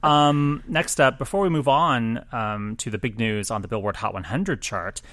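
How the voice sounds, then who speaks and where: A man co-hosting a music podcast, talking through chart news in a chatty, self-deprecating way with quick asides. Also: medium pitch, a bit bright. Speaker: podcast co-host, chart reporter. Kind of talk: casual chart chat.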